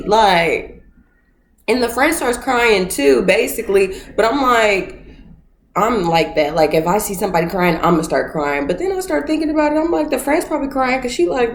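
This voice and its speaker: A woman casually recapping a reality show, animated and acting out scenes in put-on voices. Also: on the high side, moderate pace, slight background noise. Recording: roomy echo.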